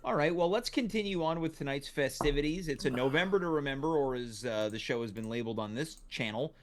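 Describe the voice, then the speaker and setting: A man's voice: on the high side, fast talker, background noise. A man hosting a casual comedy talk show, teasing his guests playfully. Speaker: host.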